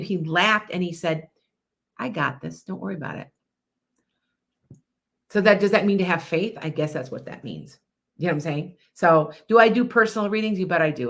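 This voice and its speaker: A woman hosting a psychic podcast, chatting casually and rambling, often repeating herself and answering viewers' comments. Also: deep voice. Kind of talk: casual live-stream chat.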